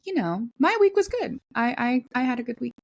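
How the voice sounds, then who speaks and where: A woman's voice: sits high, big pitch swings, a little fast. A woman co-hosting a podcast, chatting casually, laughing often and reading posts aloud. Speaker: podcast co-host.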